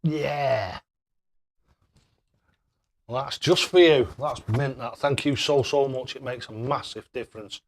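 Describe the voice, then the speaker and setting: A man's voice: mid-range voice, slow pace, long pauses, a little hiss or hum. A man hosting a casual live stream, chatting away and thanking viewers by name with matey banter. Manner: matey banter, calls people mate.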